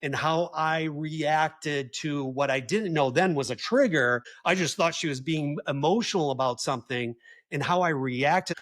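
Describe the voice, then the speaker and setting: A man speaking earnestly and gently to other partners, repeating key words for emphasis as he gives advice. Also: a little high, unhurried. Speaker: husband of a trauma survivor giving advice to partners. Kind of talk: earnest personal advice talk.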